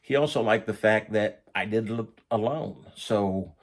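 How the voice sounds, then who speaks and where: A man's voice: fairly low pitch, measured pace. A middle-aged man casually telling a profane first-person story, acting out the voices of the people he quotes. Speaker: storyteller recounting prison life.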